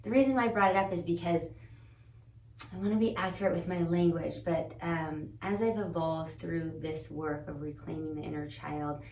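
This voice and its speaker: A woman's voice: low voice, fairly even intonation, normal speed, darkish tone. A woman as a podcast guest, telling her story in an earnest, searching way and thinking aloud. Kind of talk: reflective conversational storytelling. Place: indoor room shared with the host. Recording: roomy echo, distant mic, faint noise.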